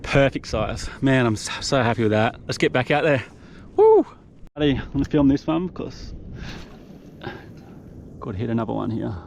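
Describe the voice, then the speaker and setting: A man's voice: medium pitch, normal speed, vocal fry, a little hiss or hum. A young man, commentating his own kayak fishing live, exuberant and breathless, recorded outdoors on an action camera. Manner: exuberant, whooping, breathless excitement.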